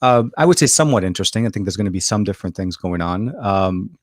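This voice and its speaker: A man's voice: low voice, animated, quick pace, slight background noise. A man co-hosting a casual tech chat, rambling with many fillers and restarts. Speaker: co-host.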